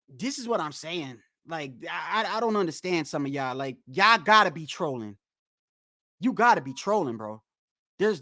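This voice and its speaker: A man's voice: high voice, sharp tone, dry recording, studio quality. A man hosting a live stream, talking bluntly and with a lot of cursing while he answers viewers in chat. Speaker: livestream host. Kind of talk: casual live-stream rant.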